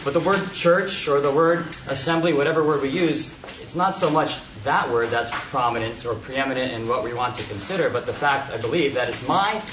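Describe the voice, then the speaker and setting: A man giving unscripted Bible teaching at a meeting, in a measured, thoughtful way with frequent pauses and restarts. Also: mid-range voice. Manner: measured, thoughtful, with many hesitations. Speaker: Bible study speaker. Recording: echoey, distant, muffled, noisy room recording.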